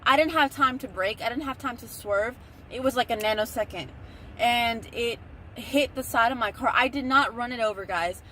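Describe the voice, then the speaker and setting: A woman's voice: fairly high pitch, normal speed, bright, forceful tone, a little hiss or hum. A young woman talking casually to viewers in a rambling storytelling vlog, recorded on a phone in a car. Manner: chatty, rambling, talks straight to viewers. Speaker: vlogger. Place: in a parked car.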